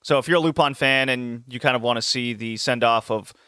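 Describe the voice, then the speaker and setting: Guy hosting a podcast, bright sharp voice, dry close mic, just chatting loosely. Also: medium pitch, fairly quick, clear, resonant tone, no echo. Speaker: podcast host. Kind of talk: casual podcast chat.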